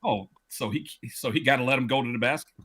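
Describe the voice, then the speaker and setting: A man's voice: medium pitch, quick pace. Argumentative man over crowd noise. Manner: argumentative, complaining. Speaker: podcast co-host. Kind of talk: casual argumentative chat.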